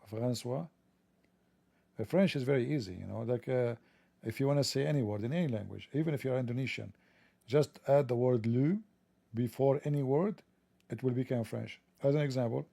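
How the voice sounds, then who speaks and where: Gravelly man with a sarcastic monologue. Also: mid-range voice, warm tone, dry recording. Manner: mocking, joking, rambling asides. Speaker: religion commentator.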